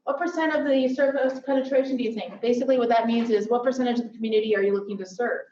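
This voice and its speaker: A woman's voice: fairly high pitch, fairly even intonation, racing, warm tone. Woman, conference presenter, upbeat, joking asides, dull lo-fi sound, faint hiss. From Silicon Valley. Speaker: workshop presenter. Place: lecture hall. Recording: echoey hall from far off, dull.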